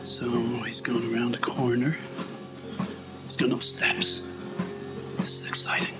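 A man's voice: medium pitch, little pitch movement, a little slow, whispered, loud music behind the voice, poor audio. A man vlogging in a wry, self-mocking, rambling way as he comments on a walking video. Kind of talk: casual commentary while watching a walk video.

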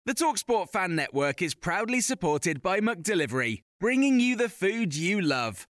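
A man's voice: sits high, sing-song, moderate pace, a bit bright, no echo, faint music behind. A man reading a scripted radio ad in a polished, upbeat way. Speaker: ad voice-over.

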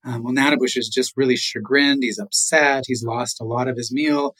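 A middle-aged man from Canada, a guest telling a traditional legend in an unhurried way, with chuckles and "you know" asides. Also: mid-range voice, steady tone, a bit bright, husky, rough recording. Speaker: guest storyteller. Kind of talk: oral storytelling.

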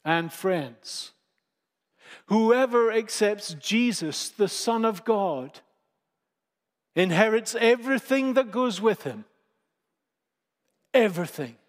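A man preaching a sermon, slow and emphatic, with dramatic pauses. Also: high voice, expressive, big-room sound.

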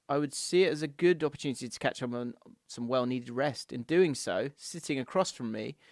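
A man's voice: on the high side, no room sound, clean studio sound. Giggly man reading out listener messages. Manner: laughing, reads listener messages aloud with banter. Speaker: podcast co-host. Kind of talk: casual football podcast chat.

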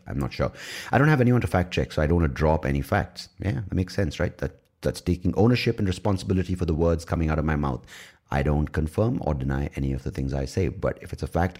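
A man's voice: very deep voice, warm tone. A young man hosting a casual solo podcast, rambling and irreverent and swearing often. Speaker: podcast host.

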